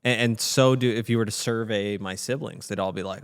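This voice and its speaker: A man's voice: mid-range voice, normal speed, clear, resonant tone. A man co-hosting a casual discussion, speaking conversationally and telling anecdotes, often with fillers. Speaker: podcast co-host. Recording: reverberant room.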